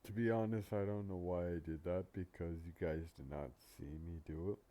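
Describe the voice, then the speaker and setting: A man's voice: deep voice, fairly even intonation, normal speed, dark tone. A man hosting an anime reaction video, talking in a rambling, casual way with many fillers and some swearing. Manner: rambling, filler-heavy, profane. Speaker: anime reaction channel host.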